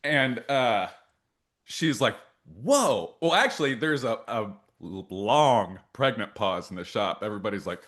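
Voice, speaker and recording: A man in his thirties co-hosting a podcast, telling stories in casual chat and acting out the quotes loudly. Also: on the low side, moderate pace. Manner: animated storyteller, acts out quotes loudly. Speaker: podcast co-host.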